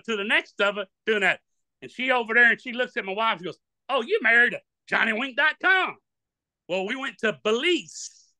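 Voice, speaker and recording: A man's voice: high voice, bright, forceful tone, no room sound. An older man with a Louisiana Southern accent, a duck hunting guide, telling rambling folksy stories in an interview and acting out the voices of the people in them. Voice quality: hard of hearing. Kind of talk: storytelling in an interview.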